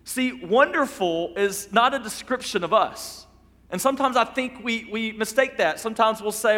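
A pastor preaching to his congregation, a man with a high-pitched voice. He presses his points through repetition and sinks into quiet, low phrasing at key moments. A long hall reverb trails after every sentence. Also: moderate pace. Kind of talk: sermon.

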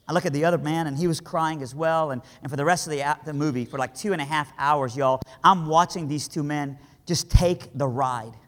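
A man from Iran telling a dramatic story to a crowd, swinging between hushed lines and impassioned cries. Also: on the high side, brisk, hardly any pauses. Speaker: speaker. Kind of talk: storytelling sermon. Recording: hall reverb.

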